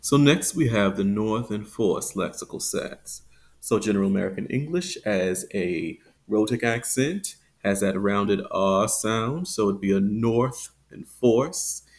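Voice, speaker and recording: Gravelly low-voiced man teaching accents. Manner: demonstrates sounds slowly, frequent ums. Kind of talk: explaining phonetics.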